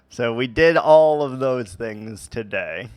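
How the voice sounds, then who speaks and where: A man's voice: medium pitch, no echo. A man streaming a game live, talking in a playful, rambling, jokey way.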